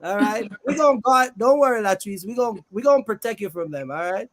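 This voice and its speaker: A man's voice: sits high, animated, fast talker. A man hosting a casual livestream about a trucking business, joking with guests and reading the chat aloud in a loose, friendly way. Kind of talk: casual live-stream chat.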